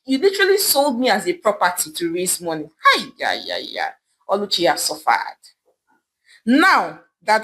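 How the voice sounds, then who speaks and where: A bitter, wealthy young woman, scolding her parents in a scornful, angry voice, as a woman narrator voices her. Her pitch rises and falls widely as she taunts them in this told folktale. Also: fairly bright tone.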